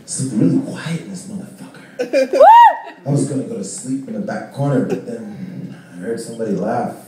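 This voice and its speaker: Profane, animated male stand-up comedian. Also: lowish voice, moderate pace. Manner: profane, animated storytelling with shouted quotes. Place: small comedy club. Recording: echoey club audio from far off.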